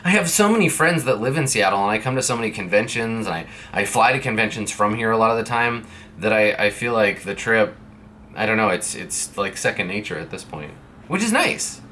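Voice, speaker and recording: Chatty young man, bright tone. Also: lowish voice, sing-song, a little fast, a little hiss or hum. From Canada. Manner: rambling, chatty, with playful put-on voices in quoted dialogue. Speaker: vlogger. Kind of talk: casual chat to camera. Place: a friend's streaming room indoors. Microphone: streaming setup mic.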